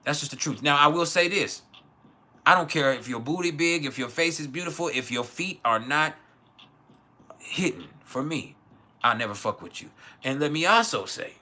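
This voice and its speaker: A man's voice: a little high, expressive, moderate pace, bright, forceful tone. A man from West Texas, hosting a casual livestream and giving blunt, profane opinions while answering chat. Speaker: livestream host.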